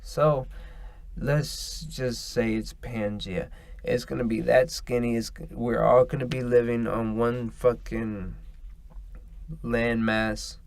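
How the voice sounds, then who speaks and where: A man's voice: mid-range voice, fairly even intonation, takes it slowly, creaky, a little hiss or hum. A man hosting a casual solo podcast, rambling and swearing as he drifts between thoughts. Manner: rambling, profane, meandering. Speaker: podcast host.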